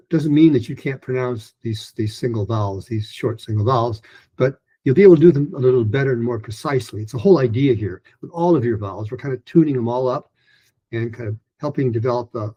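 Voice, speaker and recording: Male pronunciation teacher, husky, dark tone, relaxed and informal, demonstrating gestures. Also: medium pitch. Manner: relaxed, informal, with many fillers; gestures while explaining. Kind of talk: online lesson.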